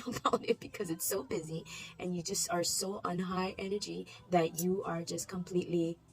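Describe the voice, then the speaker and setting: Chatty woman retelling her shift, laughing. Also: fairly low pitch. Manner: laughs often, acts out customers, repeats phrases. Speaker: shop worker recounting her shift. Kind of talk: casual storytelling to camera.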